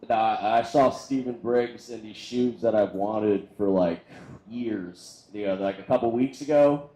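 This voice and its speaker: A man's voice: on the low side, measured pace, dark tone, echoey room, low-quality recording. A man doing a crude, rambling roast set on stage, making fun of himself along the way. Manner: crude, rambling, self-deprecating delivery. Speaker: roast comedian. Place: comedy venue with crowd.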